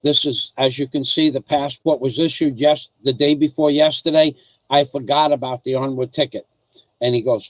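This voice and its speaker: A man from the United States, a vlogger on a casual livestream, rambles through a long story in a mid-pitched voice with fairly even intonation at normal speed. He stumbles over sentences, doubles back on details, and drops asides to his viewers. The recording is rough, close and dry, with no echo.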